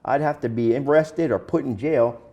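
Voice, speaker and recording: A man's voice: mid-range voice, normal speed, warm tone. A man speaking as an interview guest, candid and plain-spoken, telling his own story in a casual, conversational way with some slang.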